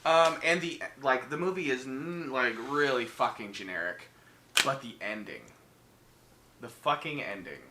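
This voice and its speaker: A man co-hosting a podcast, telling horror movie plots in casual, profane, animated chat. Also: medium pitch, measured pace. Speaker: podcast co-host. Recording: echoey room with faint noise.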